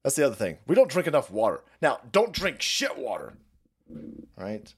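A middle-aged man hosting a profane political livestream, loud and rambling, reading out viewer messages with frequent laughter. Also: medium pitch, huge pitch swings, normal speed, husky. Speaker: livestream host.

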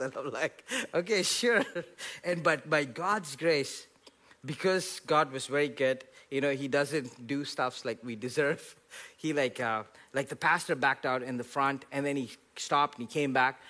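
A man preaching a sermon, animated, laughing at his own stories, rising loud when quoting scripture and dropping soft for asides. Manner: rises loud and high when quoting scripture, drops soft for inner dialogue. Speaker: pastor.

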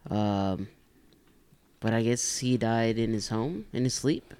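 A man's voice: lowish voice, slow pace, a little mellow, clean tone. A man who is a regular guest on a podcast, making brief matter-of-fact remarks in casual chat.

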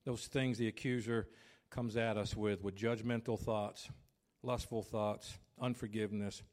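Loud fifties pastor guy, kinda low voice, tells stories and acts out the arguments. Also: little pitch movement, unhurried. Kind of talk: sermon.

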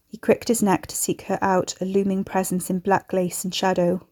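A woman reading a horror story aloud in a measured storytelling manner. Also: mid-range voice, level tone, mellow. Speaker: narrator. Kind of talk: scripted horror narration.

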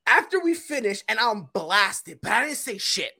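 A young man tells a story on a casual podcast, his voice jumping all over in pitch and landing bright and sharp. He drops to low mumbles, then bursts into loud shouts. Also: sing-song, moderate pace, gravelly. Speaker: podcast host.

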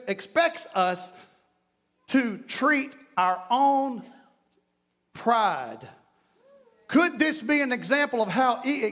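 A male pastor delivers a sermon. His voice sits very high, rising to loud calls to the congregation, then dropping to soft, hushed prayer. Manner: passionate preaching, swinging between loud calls and hushed prayer. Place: church sanctuary.

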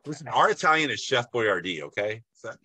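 A man appearing as a guest on a casual podcast, telling stories in an animated way. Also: medium pitch, fairly quick, no room sound, poor audio. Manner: animated storyteller.

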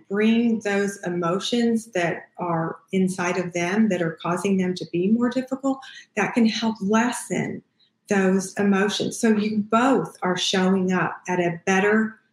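A middle-aged woman hosting a parenting podcast as a child therapist, talking casually and acting out the things she says to kids. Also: medium pitch. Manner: warm, conversational, acts out what she says to kids. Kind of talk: casual advice talk. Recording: echoey room.

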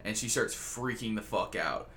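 A man's voice: fairly low pitch, animated, normal speed, a bit bright, slight background noise. A male podcast host telling a rambling story in casual chat, joking and swearing constantly. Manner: rambling, profane and jokey.

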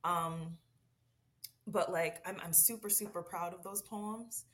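A young woman speaks as a podcast guest, an author and poet in casual chat. Her voice sits a little low, and she talks earnestly, full of restarts and "like". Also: steady tone, slow pace, a bit bright.

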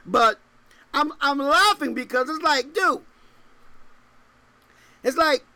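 A man's voice: very high voice, slow, long pauses, dry recording. A male pastor preaching a sermon, reading scripture in old-style English and then firing off rhetorical questions in casual slang. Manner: animated, fires rhetorical questions; laughs between points.

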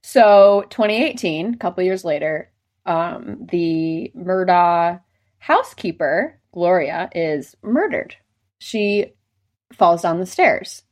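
A woman talks casually as a podcast co-host, running through a story with plenty of filler words. Her voice sits a little low. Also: expressive, takes it slowly, darkish tone. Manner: chatty, storytelling, many filler "like"s. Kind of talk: casual chat.

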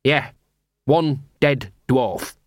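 A man's voice: medium pitch, very slow, dry recording, clean studio sound. A male reader voicing a scruffy, cheeky male street dog who talks streetwise slang. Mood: sniffing. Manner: streetwise, cocky, working-class slang.

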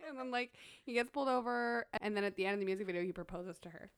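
A woman's voice: mid-range voice, racing, hardly any pauses, clear, resonant tone, dry recording, studio quality. A young woman chatting casually and telling a story with lots of acted-out quotes. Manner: animated storyteller, acts out quotes. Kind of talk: casual chat.

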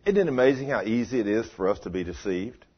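An older man preaching a sermon, telling folksy stories and swinging between loud declarations and hushed asides. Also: on the low side, lively intonation, quick pace, slightly rough, muffled recording.

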